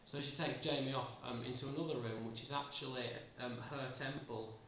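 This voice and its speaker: A man's voice: medium pitch, steady tone, normal speed, a bit bright, a little hiss or hum. A man improvising a story, hesitant and full of fillers. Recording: roomy, distant amateur recording.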